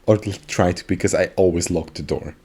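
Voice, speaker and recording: A man with a somewhat low voice co-hosts a casual podcast. He tells his stories loosely, stopping often for fillers and breaking into laughs. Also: fairly quick, dark tone, husky. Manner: laughing, storytelling with many fillers. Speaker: podcast co-host. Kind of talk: casual chat.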